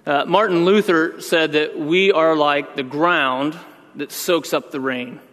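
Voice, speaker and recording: A man's voice: a little high, fairly even intonation, takes it slowly, fairly bright tone, big-room sound. A man preaching a sermon with earnest emphasis, teaching through rhetorical questions. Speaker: pastor.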